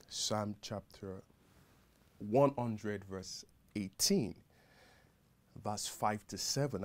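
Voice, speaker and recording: A male pastor preaching a sermon. He starts quietly, then builds to a loud, high delivery, often repeating himself and stumbling over words.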